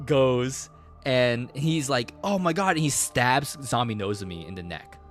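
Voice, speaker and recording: Excitable young man with a lively voice. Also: medium pitch, unhurried, faint music behind. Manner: excitable, rambling, frequent "like" and swearing. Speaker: streamer. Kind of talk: casual game recap.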